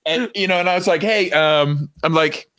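A man's voice: fairly high pitch, normal speed, sharp tone, slight background noise. A man in casual chat, wry and hesitant, with lots of "you know" and "um". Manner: wry, hesitant, full of fillers.

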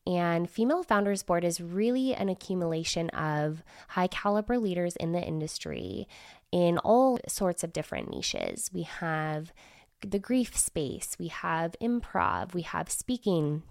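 On the low side and sing-song, this unhurried woman speaks with vocal fry and a slightly mellow tone, though her cold makes her sound nasal and scratchy. She's a podcast host and business consultant, chatting candidly on her solo show with filler words, in a dry, studio-quality recording.

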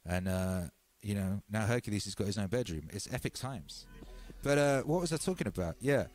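An English man in his thirties hosting a casual livestream, talking in slang, reading out chat messages and telling stories with lively energy. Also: on the low side, a little fast. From England. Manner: animated, slangy, reads chat aloud. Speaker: livestream host.

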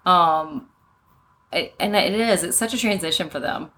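A woman in her thirties co-hosting a casual podcast, laughing often as she tells animated stories about her children starting school. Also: fairly low pitch, a little slow, slight background noise. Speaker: podcast co-host. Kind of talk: casual chat.

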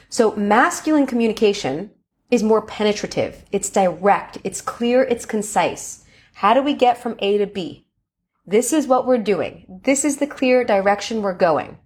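Expressive woman coaching on dating. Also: mid-range voice. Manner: expressive, acts out enthusiastic quotes. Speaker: podcast host. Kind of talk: coaching monologue.

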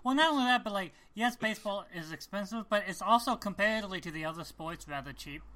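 High, very bright man with faint hiss. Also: animated, quick pace. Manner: laughs often, knowledgeable about baseball. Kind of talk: casual chat.

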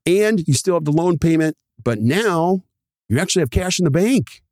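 A man's voice: on the high side, dry recording, clean studio sound. A man hosting a podcast, explaining practice numbers with energy and acting out little dialogues. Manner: animated, voices other people in quick asides. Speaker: podcast host. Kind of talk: enthusiastic explaining with acted-out dialogue.

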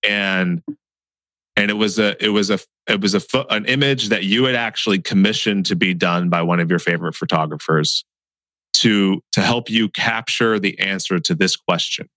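A man hosting a podcast, asking questions in a halting way with many fillers and restarts. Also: deep voice, pushed and bright, no room sound. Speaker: podcast host. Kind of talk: hosted interview and outro.

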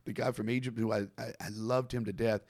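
A man's voice: mid-range voice, flat delivery, fast, darkish tone. A man in casual conversation, telling a story about himself with self-mocking humor. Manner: self-mocking, laughs through his own stories.

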